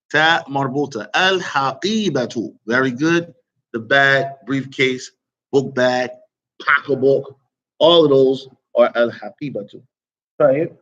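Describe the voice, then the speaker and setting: A man teaching an Arabic vocabulary lesson, quizzing his students and repeating each word slowly. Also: fairly high pitch, fairly bright tone. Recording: dull lo-fi recording.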